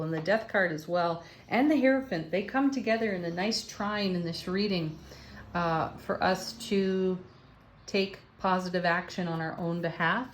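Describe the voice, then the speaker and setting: A woman's voice: lowish voice, moderate pace, a little hiss or hum. A woman giving a spiritual tarot reading, enthusiastic and affirming as she exclaims over the cards. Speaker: tarot reader.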